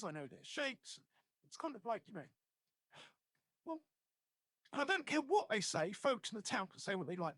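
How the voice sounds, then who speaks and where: A man with a Scottish accent voicing a nervous male woodsman in a tabletop game, stammering and sinking into hushed tones. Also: high voice, no echo, clean studio sound, full character voice. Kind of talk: in-character tabletop role-play.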